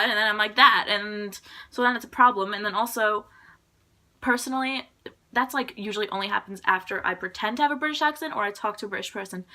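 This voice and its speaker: Young woman, casual vlog chat, bright tone, mid pitch, rambling with fillers. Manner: rambling, filler-heavy, giggly. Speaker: vlogger. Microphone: phone or camera propped on a suitcase.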